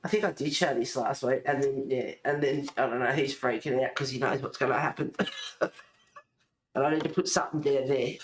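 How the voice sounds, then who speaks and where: A woman's voice: extremely low pitch, fairly quick, a little hiss or hum. Rambling, chatty woman. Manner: rambling, chatty, laughs often. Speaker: colouring and junk-journal vlogger. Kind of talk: casual chat showing crafts. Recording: echoey room.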